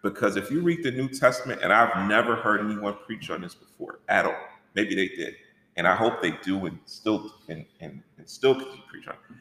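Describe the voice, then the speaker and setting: Guy teaching a church workshop, lower voice, lively and chatty, big echoey hall. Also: moderate pace. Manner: animated, conversational, asks rhetorical questions. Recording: echoey hall with long reverb.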